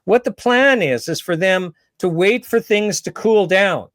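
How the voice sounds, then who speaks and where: A man's voice: sits high, animated, a little slow, fairly bright tone, dry recording. A man giving impassioned, indignant and sarcastic commentary as an advocacy speaker. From Canada.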